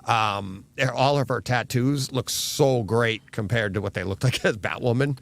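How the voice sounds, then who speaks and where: A man's voice: mid-range voice, measured pace, creaky, dry recording. A man co-hosting a podcast, chatting casually with lots of fillers and laughs. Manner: animated, laughing, rambling with fillers. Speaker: podcast co-host. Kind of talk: casual chat.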